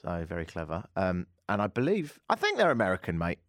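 Wry radio host, lively pitch. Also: male voice, brisk, dry recording. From England. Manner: dry, self-mocking, wry asides. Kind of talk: casual radio chat. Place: radio studio. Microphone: studio mic.

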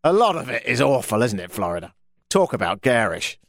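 A man's voice: medium pitch, sing-song, brisk, gravelly, no room sound, clean studio sound. A British man hosting a talk radio show, telling rambling stories with wry, exasperated asides. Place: radio studio.

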